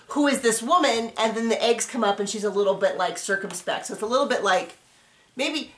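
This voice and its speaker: A woman's voice: a little high, a bit bright, reverberant. A woman hosting a casual reality TV recap, chatting and rambling as she acts out what people said.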